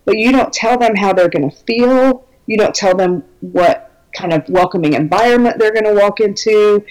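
A woman's voice: mid-range voice, normal speed, darkish tone, poor audio. Chatty woman belly dance teacher. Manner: chatty, enthusiastic, many fillers. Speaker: guest belly dance instructor. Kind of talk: casual podcast conversation.

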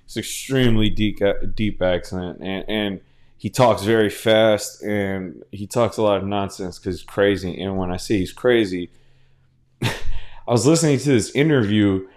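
A man's voice: fairly low pitch, measured pace, a little mellow. A man hosting a podcast, talking casually and at length, with many restarts and fillers, swearing freely. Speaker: podcast host. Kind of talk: casual solo podcast monologue.

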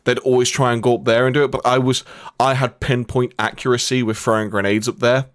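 A man telling animated, sweary gaming stories in a loose, casual chat. His voice sits in a mid register. It sounds close and dry, with no room echo. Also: mid-range voice, a little fast, smooth. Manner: swears often, animated storytelling.

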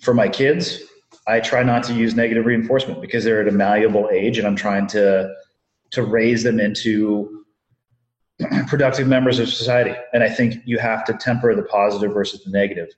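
A man calmly explaining as a guest, measured and precise. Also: lowish voice. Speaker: former dive instructor guest. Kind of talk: casual interview chat. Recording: echoey room.

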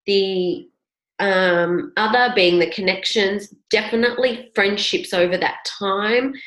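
A woman's voice: mid-range voice, fairly bright tone, reverberant, poor audio. A woman co-hosting a casual podcast chat, speaking reflectively and encouragingly. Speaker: podcast co-host.

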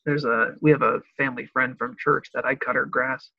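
A talkative young man in a casual chat, his voice a bit husky and pitched slightly high. The sound is dry and somewhat muffled. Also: fairly quick, dry recording. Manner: animated, talkative, laughs often. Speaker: friend chatting.

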